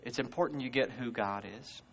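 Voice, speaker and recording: A man with a Southern US accent preaching a conversational sermon, swinging between loud emphasis and hushed words. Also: mid-range voice, a little fast, slight background noise. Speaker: guest speaker. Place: church service. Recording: muffled reverberant hall recording.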